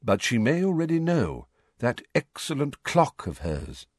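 A man voicing an old male headmaster wizard who speaks calmly and gravely in a storybook reading. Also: medium pitch, dry recording, clean studio sound, voice pushed up, full character voice. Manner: calm, grave, measured.

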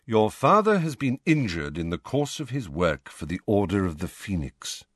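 A man voicing an old male headmaster wizard who speaks calmly and gravely in a storybook reading. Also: fairly low pitch, no echo. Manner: calm, grave, measured.

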